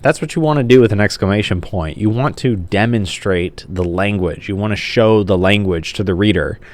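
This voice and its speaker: A man's voice: fairly low pitch, normal speed. A male teacher giving a recorded grammar lesson, talking casually while writing on a page and often checking in with the class. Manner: casual, says "like" and checks in with "okay?". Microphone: camera mic.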